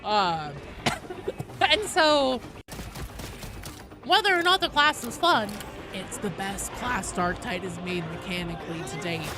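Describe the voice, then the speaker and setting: A woman's voice: mid-range voice, animated, takes it slowly, pauses often. A woman game streamer chatting casually with her viewers while playing, swearing freely and greeting people in chat. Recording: game music playing behind the voice.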